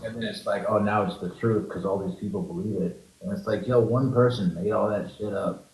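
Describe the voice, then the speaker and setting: A man's voice: on the low side, steady tone, a little fast, a little mellow. A man being interviewed in a casual chat, giving short, laid-back answers with sighs and fillers. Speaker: interview guest. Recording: echoey room, faint background noise.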